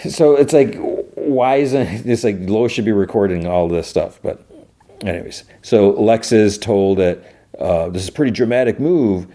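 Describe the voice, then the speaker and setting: Brief: male podcast host, low pitch, rambling casual recap, stop-start delivery. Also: expressive, moderate pace, dark tone. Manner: rambling retelling full of "he's like" and restarts.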